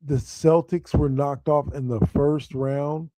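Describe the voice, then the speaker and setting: A man hosting a sports podcast with a dark, mellow voice, talking loosely and excitedly. He rambles, restarts his sentences and jumps up in pitch when something surprises him. The sound is close and dry. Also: takes it slowly, hardly any pauses, no echo. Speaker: podcast host. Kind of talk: casual sports podcast talk.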